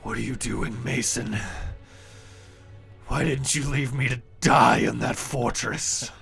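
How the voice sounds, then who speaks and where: A man voicing a wounded, despairing male warrior who speaks low and strained and breaks into screams. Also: takes it slowly, creaky, fairly bright tone, breathy edge, soft background music, exaggerated voice. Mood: bitter.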